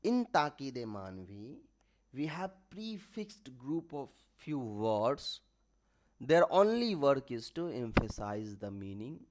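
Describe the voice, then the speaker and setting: A male teacher with a South Asian English accent lectures on grammar at an unhurried pace. He talks at a middle pitch and explains step by step, restating key terms so students can follow. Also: sing-song, darkish tone. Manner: slow, explanatory, repeats terms for emphasis.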